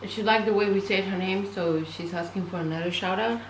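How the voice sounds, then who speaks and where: A woman co-hosting a food-eating video, soft-spoken in chat and upbeat when she signs off to viewers. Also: medium pitch, a little fast. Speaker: mukbang channel co-host. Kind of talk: casual chat while eating. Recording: echoey room with faint noise.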